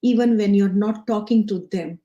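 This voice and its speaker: An Indian woman, acting as a guest trainer, gives teachers an earnest live online talk, repeating her main points. Her mid-range voice is mellow and moderately paced, though the recording sounds muffled.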